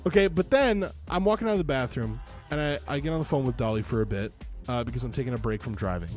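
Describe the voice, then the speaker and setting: A man's voice: mid-range voice, quick pace, faint music behind. A man streaming, telling a story in casual chat, exasperated and swearing freely. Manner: animated, exasperated, profane.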